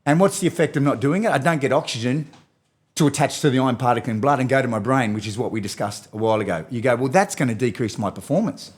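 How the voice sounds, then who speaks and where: Aussie guy on a podcast, super animated, coachy, explaining stuff with energy. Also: medium pitch, quick pace, slightly rough. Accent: Australian. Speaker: podcast guest, physio and movement expert. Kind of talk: enthusiastic podcast interview talk.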